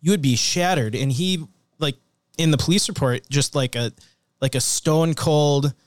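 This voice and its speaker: Man, smooth resonant voice, fairly high pitch, co-host commentary, restarts often. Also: moderate pace, dry recording, clean studio sound. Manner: thoughtful commentary, trailing restarts. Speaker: podcast co-host. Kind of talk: casual interview.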